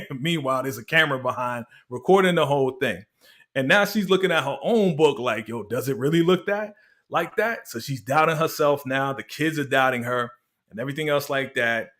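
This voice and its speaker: A man's voice: mid-range voice, fairly quick, a bit bright. A man hosting a casual show recap, telling it like a story in slangy talk and laughing often. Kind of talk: casual review chat.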